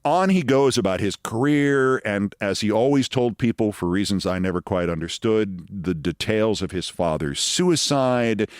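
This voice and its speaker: A low-voiced man in his sixties spins a wry anecdote as a podcast host. His voice is close and dry, with no room sound around it, and he keeps the storytelling monologue rolling. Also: lively intonation, moderate pace, hardly any pauses, smooth, no echo. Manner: wry storyteller, acts out quoted voices in higher pitch.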